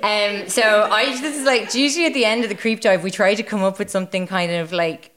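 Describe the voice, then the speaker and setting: A woman's voice: mid-range voice, brisk, a bit bright. A woman with an Irish accent co-hosting a live podcast show, telling a story and reading quotes with sarcastic asides while giggling. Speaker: podcast co-host.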